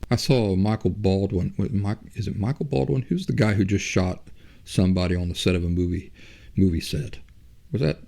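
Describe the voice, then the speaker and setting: Gravelly low-voiced man arguing a point. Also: warm tone. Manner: rambling, argumentative, rhetorical questions. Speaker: podcast host. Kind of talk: casual monologue.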